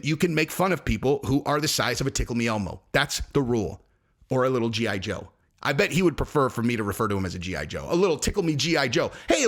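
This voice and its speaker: A man running a combat sports commentary channel, mocking a story with sarcastic jokes and quick impressions. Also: mid-range voice, fairly bright tone. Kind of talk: comedic commentary.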